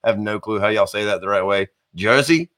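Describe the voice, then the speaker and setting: A man, hosting a live online show in a chatty, rambling way with jokey shout-outs to viewers. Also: fairly low pitch, completely flat delivery, fast, clean tone. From American South. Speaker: host.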